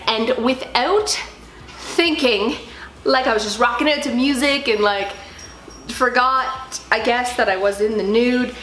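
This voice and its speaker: A woman tells stories to camera. She is chatty and self-deprecating, and often laughs at herself. Her voice sits a bit high, and it echoes around the room. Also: a bit bright, a little hiss or hum. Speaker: home organizing vlogger. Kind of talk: casual storytelling to camera. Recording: roomy echoey indoor sound.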